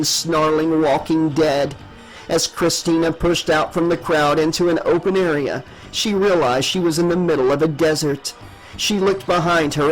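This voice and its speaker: Male audiobook narrator, a bit high-voiced, measured and dramatic horror reading. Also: low-quality recording.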